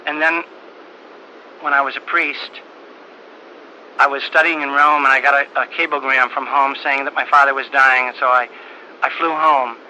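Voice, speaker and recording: An older man, a priest, telling a personal story in a halting, earnest way with frequent repeated words. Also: medium pitch, fairly even intonation, bright, forceful tone, rough recording. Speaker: priest giving a talk. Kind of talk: storytelling talk. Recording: old tape recording with faint hiss.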